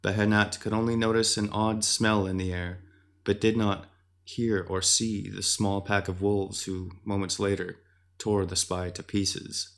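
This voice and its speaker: A man with a very deep voice narrates a fantasy story. His delivery is measured and descriptive, like scripted storytelling. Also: creaky.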